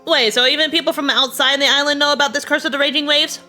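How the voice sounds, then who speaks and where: A woman's voice: high-pitched, fairly even intonation, fast, bright, forceful tone, faint music behind, pitched above the performer's own voice. A woman voicing an earnest, protective young heroine while reading game dialogue aloud.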